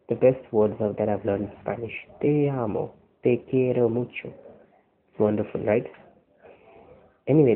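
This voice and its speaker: Man, tender halting love message, slightly low voice, phone-like sound. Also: slight background noise. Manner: tender, earnest, halting with restarts. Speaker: boyfriend recording a love message. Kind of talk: personal video message. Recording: tinny phone-like audio.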